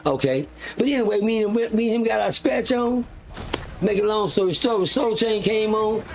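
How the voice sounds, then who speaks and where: Gravelly man telling stories. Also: moderate pace. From West Texas. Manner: animated storyteller, acts out quoted people in a loud high voice. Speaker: livestream host. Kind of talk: casual storytelling. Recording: noisy livestream audio.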